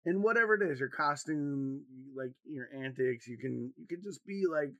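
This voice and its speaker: A man from Wisconsin co-hosting a podcast, telling a rambling, profane story in a loose, animated way. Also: on the high side, moderate pace, no echo, dull audio. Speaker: podcast co-host. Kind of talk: casual podcast chat, storytelling.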